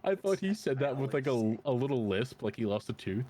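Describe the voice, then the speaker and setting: Animated, bit-prone male sidekick; medium pitch, faint music behind. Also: a little fast. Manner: joking, riffs on bits. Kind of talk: casual chat during a stream. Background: game music.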